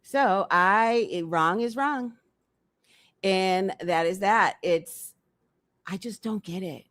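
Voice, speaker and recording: A woman's voice: medium pitch, takes it slowly, a bit bright, no echo, clean studio sound. A woman hosting a casual commentary livestream, talking bluntly and repeating her points for emphasis.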